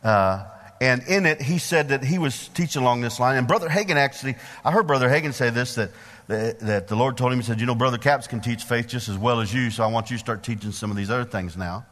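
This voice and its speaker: A middle-aged male preacher giving a sermon in a church, folksy and animated, putting questions to the congregation. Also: mid-range voice, quick pace. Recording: long hall reverb.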